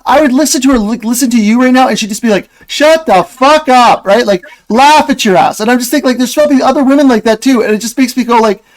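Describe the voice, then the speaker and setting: A man in a heated online debate, talking rapidly and swearing defensively. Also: very high-pitched. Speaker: streamer.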